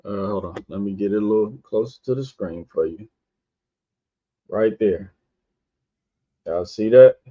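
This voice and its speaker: A man's voice: lowish voice, measured pace, long pauses. A man hosting a podcast, giving an informal religious lesson while sharing his screen. He spells out letters one by one and keeps asking his listeners rhetorical questions. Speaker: podcast host teaching scripture. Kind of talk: informal religious teaching over a screen share. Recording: dull lo-fi stream audio.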